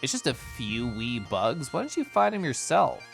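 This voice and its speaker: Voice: mid-range voice, sing-song, moderate pace, gravelly. A streamer voicing a male squirrel bard with a put-on Scottish accent, folksy and teasing, reading game dialogue aloud over faint music. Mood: hearty. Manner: folksy, teasing, calls people lad.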